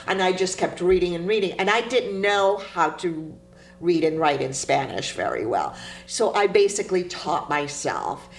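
Woman, from Cuba, poet guest, animated storyteller, lowish voice, faint hum behind. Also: moderate pace, poor audio. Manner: animated storytelling, laughs often. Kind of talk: interview conversation.

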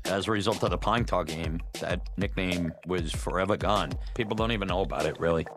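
A man's voice: deep voice, a little fast, music in the background. A man telling a personal story about his youth, candid and conversational, chuckling now and then. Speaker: storyteller, former batboy.

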